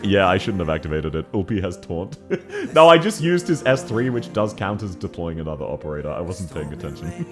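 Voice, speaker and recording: A young man streaming a video game, chatting with viewers and laughing often between casual, swearing remarks. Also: mid-range voice. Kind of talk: casual game commentary reading chat.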